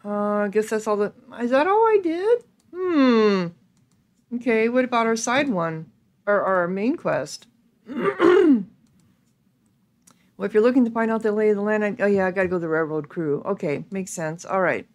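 A woman playing a video game and reading its text aloud, thinking out loud casually with hums and ums. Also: medium pitch, expressive, normal speed. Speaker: gaming video creator.

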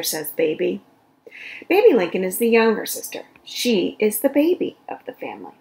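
A woman reading a children's story aloud in an expressive storytelling voice. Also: medium pitch, normal speed, creaky, poor audio. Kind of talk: read-aloud storytelling for kids.

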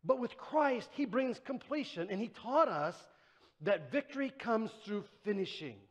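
A man's voice: high voice, lively intonation, measured pace. A man preaching a sermon as pastor, in a conversational way, acting out the voices he quotes. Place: church. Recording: church sanctuary with long reverb.

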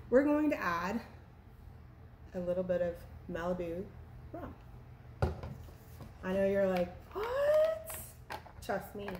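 A woman's voice: mid-range voice, background noise. A woman from Texas, chatting playfully and laughing at herself while she mixes a drink at home for her vlog. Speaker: vlogger. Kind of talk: casual cocktail how-to vlog. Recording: echoey room with faint ambience.

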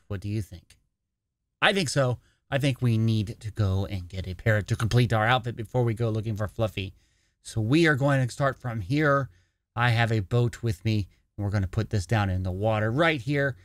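A man's voice: medium pitch, dry recording. A man with an ordinary, mid-range voice chats his way through his own gameplay in a casual, playful manner. He drops into a jokey pirate voice now and then. The sound is close and dry, with no room around it. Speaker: gaming channel host.

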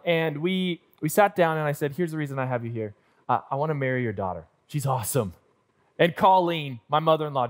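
A young adult man preaching in church, telling a self-deprecating story and acting out the scenes in an animated way. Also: a little high. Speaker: pastor. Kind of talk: sermon storytelling. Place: church auditorium.

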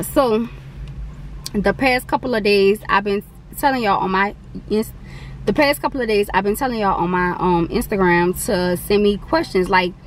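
Young woman vlogger, chatty and slangy, faint hiss behind. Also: medium pitch. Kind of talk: casual mukbang vlog chat.

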